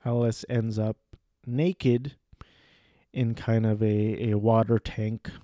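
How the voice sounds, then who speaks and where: A man's voice: fairly low pitch, level tone, slow, dark tone, no echo, studio quality. A man casually recapping a movie plot, rambling with fillers and self-corrections. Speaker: movie reviewer.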